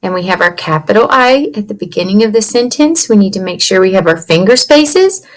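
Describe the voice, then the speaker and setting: A woman teaching young children a writing lesson from her computer, slowly and patiently sounding out letters and words. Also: medium pitch, animated. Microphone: computer mic.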